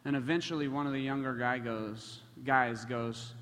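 Passionate preacher in an echoey hall. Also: male voice, medium pitch, fairly even intonation, a little slow, hardly any pauses, a bit bright. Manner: passionate, with frequent surges in volume. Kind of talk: sermon.

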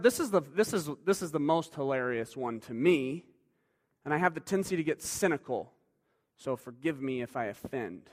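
A male preacher giving a sermon in a conversational way, moving between loud emphasis and quiet asides. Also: on the high side, lively intonation, normal speed. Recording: long hall reverb.

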